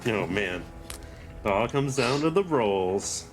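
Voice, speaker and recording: A man narrating as game master of a tabletop game, talking slowly with plenty of fillers. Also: fairly low pitch, expressive, soft background music. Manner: slow, drawn-out narration with fillers.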